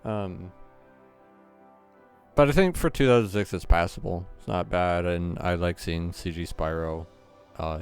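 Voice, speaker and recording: A man hosting a gaming channel, giving casual, rambling play-through commentary with lots of hesitant fillers. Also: low-pitched.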